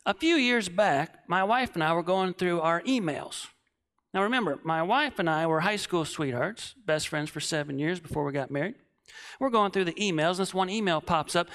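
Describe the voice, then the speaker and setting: A man in his late thirties preaching, telling a comic story that swings from shouting to hushed. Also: sits high, lively intonation, moderate pace. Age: 30s.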